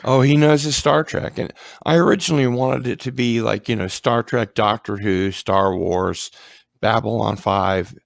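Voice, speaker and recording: A man's voice: mid-range voice, moderate pace, gravelly, no echo. A man hosting a casual livestream chat, rambling with ums and restarts. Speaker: livestream host.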